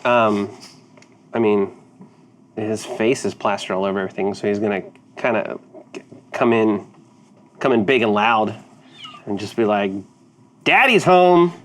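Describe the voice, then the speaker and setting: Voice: mid-range voice, steady tone, normal speed, long pauses, a little hiss or hum. A tabletop game player who talks playfully and often laughs while joking in character.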